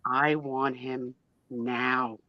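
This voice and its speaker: A woman's voice: extremely low pitch, flat delivery, extremely slow, no echo. A woman in her fifties, a guest on a live chat show, telling a story in a gushing, emotional, chatty way with mild swearing. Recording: dull lo-fi, dry sound.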